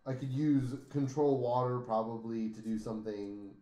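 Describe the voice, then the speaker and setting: A man's voice: mid-range voice, moderate pace, dark tone. A man playing a tabletop game, casual and a little sheepish, swearing about his bad rolls. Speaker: player. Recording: echoey room.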